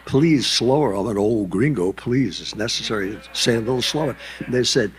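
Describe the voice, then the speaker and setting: A man's voice: medium pitch, expressive, fairly quick, a little hiss or hum. A man in his nineties giving a rambling, anecdotal keynote speech on a conference stage. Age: 90s. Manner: rambling, anecdotal, with asides and restarts. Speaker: keynote speaker.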